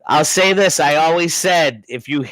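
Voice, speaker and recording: A man's voice: fairly high pitch, moderate pace, fairly bright tone, no room sound. A man chatting about wrestling on a panel, speaking emphatically and often giving short agreeing replies. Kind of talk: casual wrestling chat.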